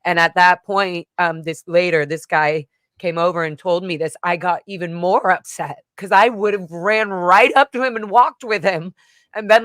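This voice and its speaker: Woman vlogger, mid-range voice, smooth and clean, dry close recording, casual rambling storyteller. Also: mid-range voice, a bit bright, dry recording. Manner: rambling, emotional retelling with frequent "like" fillers. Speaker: vlogger recounting a personal event.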